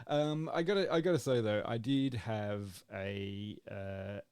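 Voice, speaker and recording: A man's voice: on the low side, a little slow, creaky, a little mellow, clear, resonant tone, no room sound. A man co-hosting a podcast in casual chat, rambling and acting out his own reactions. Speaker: podcast co-host.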